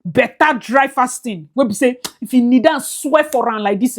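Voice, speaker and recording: A young woman with a Nigerian accent giving casual commentary, mixing Pidgin into English, laughing often and swinging from loud to whispered. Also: a little high, moderate pace. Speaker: vlogger.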